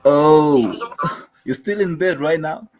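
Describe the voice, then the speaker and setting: A man with a husky voice, a streamer casually chatting with strangers over video chat in an upbeat, questioning way. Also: fairly high pitch, slow, darkish tone. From Kenya.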